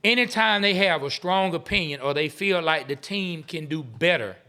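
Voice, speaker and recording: A man from Atlanta co-hosts a casual sports talk show. His voice sits high and sounds bright. He laughs often and stumbles over repeated words as he restarts his points. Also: animated, moderate pace. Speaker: podcast co-host.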